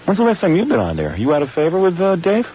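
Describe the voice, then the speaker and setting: A male radio host rattles through blunt, teasing banter at a quick clip. His pitch swings widely as he jokes, over a faint hiss in the studio. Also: wildly swooping pitch, warm tone, dull audio. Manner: blunt, teasing, rapid-fire joking. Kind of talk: radio talk show banter.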